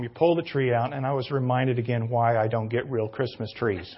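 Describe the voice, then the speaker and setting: A middle-aged man preaching a sermon, telling rambling, self-deprecating personal stories that grow loud and excited in the retelling. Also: mid-range voice, normal speed, muffled recording, a little hiss or hum. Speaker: pastor.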